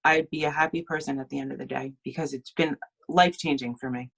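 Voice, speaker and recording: Low-voiced woman, earnest and tearful. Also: fairly even intonation, fast talker, gravelly, fairly bright tone. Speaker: team member sharing her story. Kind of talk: emotional personal testimony.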